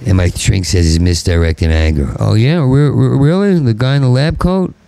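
A man's voice: medium pitch, normal speed, creaky, mellow, low-quality recording. A middle-aged man with a heavy stutter, delivering a rambling, bitter stand-up monologue. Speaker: stand-up comedian.

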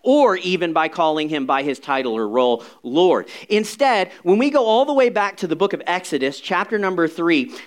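A man who is a pastor, giving a conversational, animated sermon with casual asides to the congregation. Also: high voice, moderate pace, hardly any pauses.

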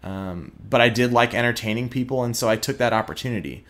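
A young adult man from Texas, speaking as an interview guest in an earnest, reflective way with frequent pauses and fillers. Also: medium pitch, fairly bright tone. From Houston, Texas. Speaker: guest, prosecutor.

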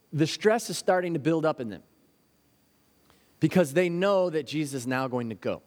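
A man delivers an earnest sermon in a fairly high voice. He tells stories and now and then acts out a worried child's voice. His words ring out with a long reverb, as in a large hall. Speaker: pastor.

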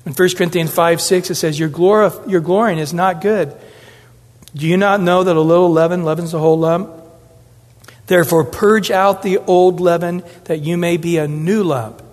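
A man preaches through a Bible passage in a high voice, acting out the quoted words with shifting inflections. His voice rings with the long reverb of a large hall. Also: normal speed. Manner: animated, acts out scripture quotes with changing inflections. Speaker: pastor. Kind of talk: expository sermon.

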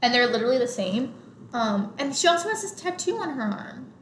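A woman's voice: on the high side, big pitch swings, fairly quick. A young woman co-hosting a casual movie podcast, recapping plots in a chatty way and filling her talk with "like". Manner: chatty, heavy use of "like" fillers, recaps plots. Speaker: podcast co-host. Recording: echoey room with faint noise.

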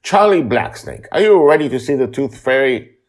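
A man voicing an excitable pirate captain father who calls out in loud, theatrical pirate style. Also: mid-range voice, normal speed, pitched above the performer's own voice. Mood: rousing. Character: booming excitable male pirate captain dad.

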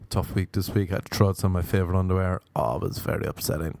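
A man's voice: deep voice, steady tone, rapid-fire, creaky, darkish tone, no room sound. An Irish man telling rambling, profane comic stories in a wry, offhand way. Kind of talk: casual comedic monologue.

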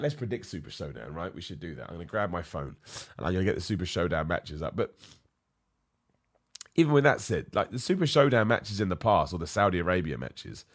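A man runs a live wrestling podcast while ill, his voice half gone. He rants with strong opinions, his fairly low voice swooping up and down. The sound is dry and close. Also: no echo. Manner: opinionated, ranty, lively. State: ill, voice going. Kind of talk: live-streamed podcast rant.

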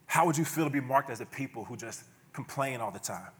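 A man preaching a sermon in a church sanctuary, with an easy, everyday delivery. He talks like he is chatting with friends, chuckles often, and drops in playful asides to the congregation. His voice sits at a middle pitch for a man. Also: expressive, a little fast. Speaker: pastor.

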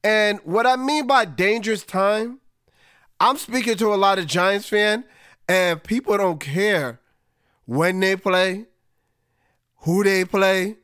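Frustrated man ranting, high voice. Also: takes it slowly, pauses often, a bit bright, clean tone, no room sound, studio quality. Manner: frustrated, conversational, drags out words for emphasis. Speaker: podcast host. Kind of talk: casual sports rant.

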